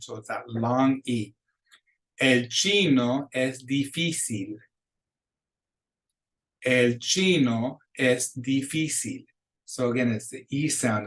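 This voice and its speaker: A man teaching a recorded beginner language lesson, with a voice in an ordinary middle pitch. He talks in a casual, explaining way with small restarts. For the drills he slows down and says each phrase twice for the class to repeat. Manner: patient, models phrases slowly and repeats them. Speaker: Spanish teacher.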